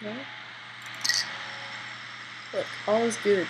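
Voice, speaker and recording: A woman doing let's play commentary, jittery and excitable, swearing at her character, on a built-in laptop mic. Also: medium pitch, a little slow, noisy background. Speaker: gamer.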